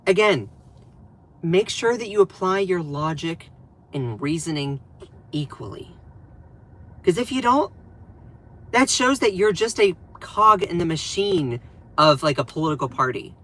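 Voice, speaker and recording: A man's voice: high voice, animated, a little slow, pauses often, a bit bright. A man with a Southern US accent giving casual live-stream commentary, emphatic and repeating phrases for stress.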